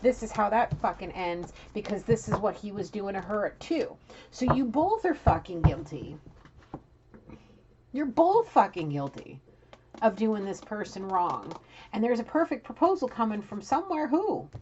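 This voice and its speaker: A woman giving a casual tarot reading, blunt and profane, scolding and animated as she talks. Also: medium pitch, moderate pace, lo-fi sound, background noise. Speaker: tarot reader.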